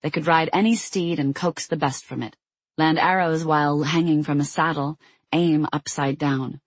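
Narrator doing a calm warrior woman, low and soothing. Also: moderate pace, dry recording, lightly acted. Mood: gentle.

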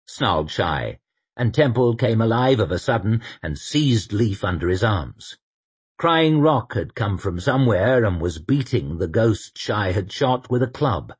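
A man narrating an action story in a steady, dramatic storytelling manner. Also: lowish voice, unhurried, husky. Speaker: audiobook narrator. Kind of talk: scripted narration.

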